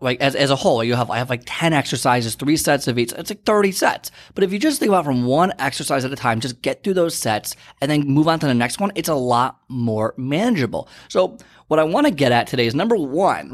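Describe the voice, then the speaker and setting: A young man hosting a solo podcast, talking in a rambling, self-deprecating way and repeating himself for emphasis, still sweaty after a workout. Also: medium pitch. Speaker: podcast host. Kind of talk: casual motivational monologue. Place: library recording room.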